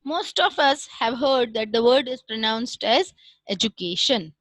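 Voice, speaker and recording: High, bright woman lecturing. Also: expressive, no echo, poor audio. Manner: measured, explanatory, with frequent fillers. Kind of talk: online class lecture.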